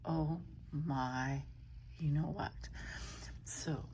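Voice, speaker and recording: An older woman from Canada chats to her cat at home, wandering from story to story. Her voice keeps dropping into a hushed whisper, with a faint hum of room noise behind her. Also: medium pitch, unhurried. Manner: rambling, often drops to a soft whisper. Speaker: vlogger talking to her cat. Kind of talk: casual storytelling to a pet.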